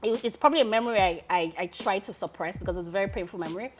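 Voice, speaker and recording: A woman in her thirties with a Nigerian accent tells stories from her career as an interview guest. Her voice sits at an ordinary middle pitch, and she is lively and quick to laugh. Faint music plays behind her. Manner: lively storyteller, often breaks into laughter. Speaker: guest, lawyer and founder. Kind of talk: casual interview storytelling.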